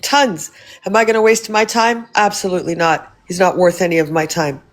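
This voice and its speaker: A woman's voice: lowish voice, steady tone, normal speed. A woman host on a livestream, indignantly condemning someone. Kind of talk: livestream commentary.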